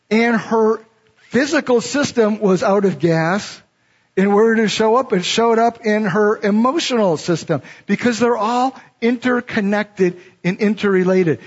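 A man's voice: high voice, husky. A middle-aged man preaching a sermon, reading scripture verses and then explaining them in a teaching way. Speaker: pastor. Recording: dull lo-fi sound.

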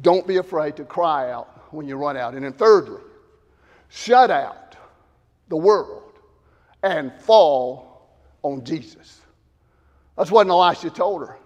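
Preaching slowly and with animation, this man, whose voice sits high for a male, leaves long pauses between his lines. His sermon swings from shouted emphasis to hushed asides, while the sanctuary's long reverb lingers behind his words.

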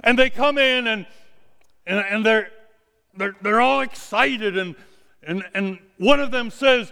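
A man preaches through a first-person story, stumbling and repeating words as he goes. His voice sits very high and bright, and his delivery is slow and unhurried. A long reverb trails behind every phrase. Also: vocal fry, clear, resonant tone. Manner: halting, repeats words as he retells.

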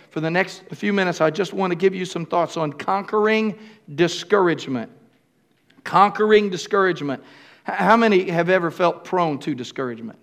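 Male pastor, high pitch, emphatic church preacher addressing the congregation. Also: vocal fry, a bit bright. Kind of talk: sermon.

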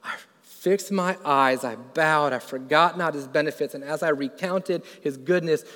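Fervent preacher in a reverberant hall. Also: male voice, on the high side, a little slow. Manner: builds from quiet to loud and fervent; asks the congregation questions. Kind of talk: sermon.

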